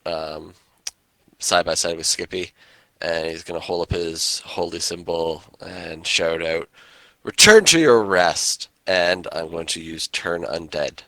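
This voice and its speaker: A man's voice: low-pitched, completely flat delivery, measured pace, gravelly, pushed and bright, no echo. A man playing a tabletop game, eagerly reading out the rules at length. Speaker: player.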